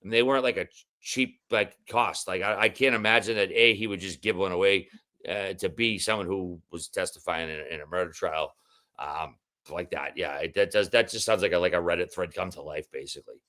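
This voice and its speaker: Halting bright-voiced man guest. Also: deep voice. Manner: halting, repeats words, lots of fillers. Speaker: podcast guest. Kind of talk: casual chat.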